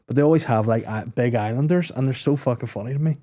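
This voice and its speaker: A man's voice: medium pitch, fast talker, warm tone. Easygoing man, podcast guest. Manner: easygoing storyteller, laughs often, swears. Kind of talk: casual comedic chat.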